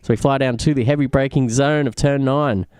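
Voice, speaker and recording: A man's voice: mid-range voice, fairly even intonation, brisk, a little mellow, clean tone, dry recording. A man, commentating a lap of a sim racing track and explaining each corner. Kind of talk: live race commentary.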